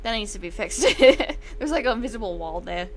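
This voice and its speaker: A woman giving excitable let's-play commentary, laughing as she goes and reading game text aloud. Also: mid-range voice, a little fast, over music. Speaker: gameplay commentator.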